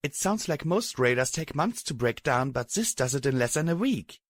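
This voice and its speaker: A man voices a shy young pegasus mare in a storybook reading, soft and timid, a little higher than his normal voice. The sound is dry and close. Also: very animated, normal speed, dry recording. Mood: gentle.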